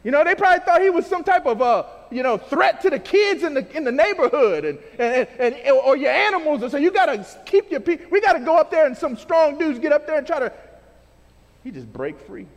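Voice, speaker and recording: A male preacher with a very high voice swoops widely through big pitch swings at a brisk pace. His sermon is casual and full of slang, and the hall around him has a long reverb.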